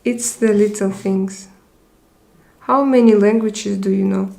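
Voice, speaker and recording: Slow-talking woman streamer. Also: medium pitch, steady tone, vocal fry, mellow. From Russia. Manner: reads viewer comments aloud and answers them. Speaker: live stream host. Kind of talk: casual live chat reading comments.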